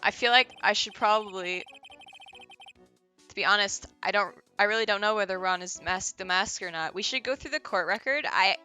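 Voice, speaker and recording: A woman's voice: medium pitch, normal speed, bright, forceful tone, smooth, faint music behind. A woman streaming a game, chatting casually and giggling as she answers chat.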